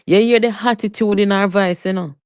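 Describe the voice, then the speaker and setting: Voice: medium pitch, a little fast, clear, resonant tone, no echo, clean studio sound. Heated Jamaican Patois commentator. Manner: animated, heated, mixes Patois with English, talks straight to viewers. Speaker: political commentary livestreamer. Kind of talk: live political commentary rant.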